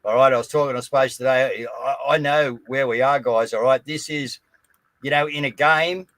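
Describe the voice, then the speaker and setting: A man's voice: medium pitch, fairly even intonation, moderate pace, a bit bright, dry recording. An Australian man hosting a live online news show, rallying his listeners and often checking in with "guys, all right?". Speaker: host.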